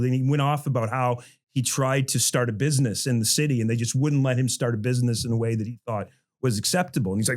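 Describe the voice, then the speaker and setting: A man's voice: medium pitch, steady tone, fast. Rambling middle-aged male professor. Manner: rambling, many restarts and asides, chuckles while talking. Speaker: history professor on a faculty podcast. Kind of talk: casual panel discussion.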